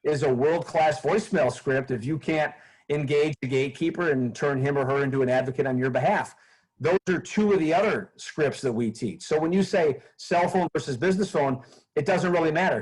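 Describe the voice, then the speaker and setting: A man with a husky, somewhat high voice talks in an animated, energetic way. He explains his ideas confidently to an interviewer. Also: brisk, low-quality recording. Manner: animated, acts out phone calls in a bright raised voice. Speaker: sales trainer, guest.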